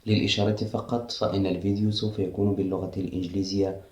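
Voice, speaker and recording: A man with an Arabic accent teaching a lesson on English pronunciation, sounding out example words slowly and carefully. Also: low voice, level tone, a little mellow, reverberant. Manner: slow, careful enunciation when giving example words. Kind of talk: language lesson to camera.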